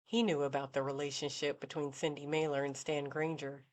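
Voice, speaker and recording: Woman narrator, low voice, measured and even, novel reading. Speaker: audiobook narrator. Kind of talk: scripted narration.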